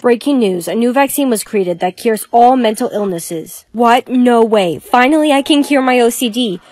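A synthetic woman's voice reading lines in short POV skits in an even, machine-like way. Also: on the high side, moderate pace, no room sound. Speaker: text-to-speech storyteller. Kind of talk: text-to-speech POV skit narration.

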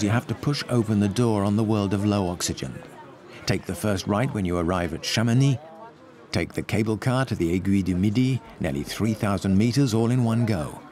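A man narrating a science documentary in a measured, explanatory way. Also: lowish voice, a little mellow. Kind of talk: scripted narration. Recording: faint music behind.

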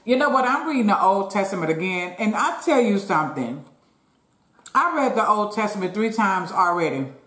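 This mukbang host speaks at a medium pitch and normal speed, her expressive tone fairly bright. Between bites she keeps up a running chat, repeatedly addressing viewers, while slight background noise and a roomy echo color the audio.

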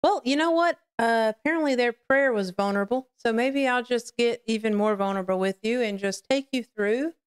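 A woman's voice: fairly high pitch, fairly quick, hardly any pauses, clean tone. A woman hosting a live-streamed faith podcast, talking candidly and rambling as she greets her chat and shares personal reflections. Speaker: podcast host.

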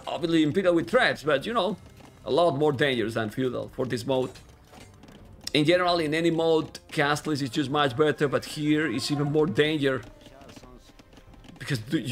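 Excitable male esports caster. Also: on the high side. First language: Spanish. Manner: excitable, animated casting voice, non-native grammar. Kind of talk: live game commentary.

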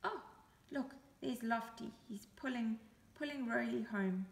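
A woman reading a picture book aloud to young children, with lively asides pointing things out on the page. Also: a little high, a little slow, vocal fry, reverberant. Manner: animated, chatty asides to young listeners. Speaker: storybook reader. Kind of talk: children's story read-aloud.

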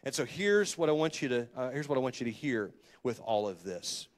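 Conversational preacher in a reverberant hall. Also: male voice, mid-range voice, expressive, a little fast. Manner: conversational, self-correcting, asks the congregation questions. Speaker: pastor. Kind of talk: sermon. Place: church sanctuary. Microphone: handheld microphone.

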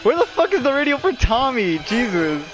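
A young man with an extremely high-pitched voice streams a game live at normal speed, music playing behind him. He banters casually and excitably with friends, swearing and laughing often.

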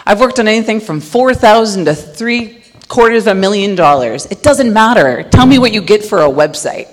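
Loud animated woman speaker in a hall. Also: medium pitch, normal speed. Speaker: conference speaker. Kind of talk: conference talk. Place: large conference hall. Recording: long hall reverb.

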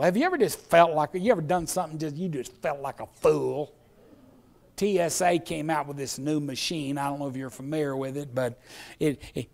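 A middle-aged male pastor preaching a sermon in a church, telling stories and acting out voices, swinging from hushed asides to shouting. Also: fairly high pitch, creaky. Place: church sanctuary.

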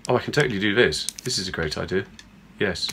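With a fairly low, pushed and bright voice, a man talks quickly and expressively while playing a horror game. His let's-play commentary is casual, playful and chatty toward viewers, and a little hiss or hum sits under the recording.

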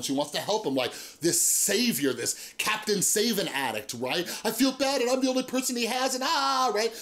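A man in recovery telling a story to camera in a casual vlog, checking in with "right?" and "okay?" as he goes. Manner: conversational, peppers talk with "like", "right?" and "okay?"; animated storyteller, drops low and quiet for grim moments. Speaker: YouTuber talking about addiction recovery.

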